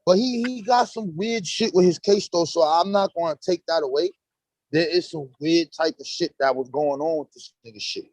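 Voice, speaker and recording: Male stream host, high voice, animated profane street storyteller, dry close mic. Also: normal speed, dry recording, poor audio. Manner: animated, profane street talk, acts out courtroom exchanges. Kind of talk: casual live-stream chat.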